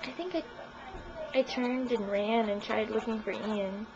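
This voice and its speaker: Chatty young woman with a creaky voice. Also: fairly high pitch, steady tone, unhurried, crowd noise. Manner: chatty, giggly, lots of "like". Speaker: interviewee. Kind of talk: casual storytelling interview. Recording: muffled recording with faint hiss.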